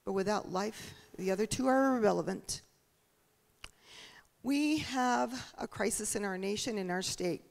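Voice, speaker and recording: Earnest, gravelly-voiced woman candidate. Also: mid-range voice, measured pace. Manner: earnest and preacherly, with rhetorical questions. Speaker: political candidate. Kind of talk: town hall campaign speech.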